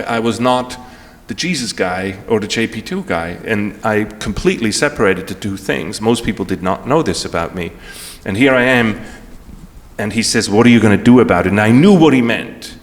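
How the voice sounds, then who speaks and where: A man's voice: fairly low pitch, moderate pace. A man giving a talk as guest speaker, telling a personal story with emotion and frequent restarts. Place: large event hall. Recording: long hall reverb.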